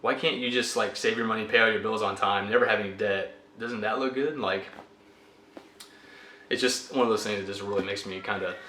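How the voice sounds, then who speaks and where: A man's voice: fairly low pitch, steady tone, brisk, sharp tone, slight background noise. A young American man in the military ranting about his frustrations in a personal vlog, exasperated and fed up. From United States. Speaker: vlogger. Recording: echoey room.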